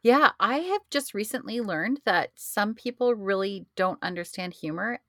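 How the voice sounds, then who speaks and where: A middle-aged woman co-hosting a podcast, an animated storyteller who laughs often in casual chat. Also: mid-range voice, moderate pace, no room sound, clean studio sound. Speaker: podcast co-host.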